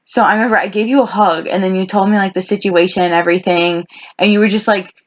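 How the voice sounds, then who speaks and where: A woman's voice: medium pitch, steady tone, fast talker. Rambling young woman, lo-fi podcast audio. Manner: rambling, many restarts and quoted asides. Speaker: podcast co-host. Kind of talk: casual chat between best friends.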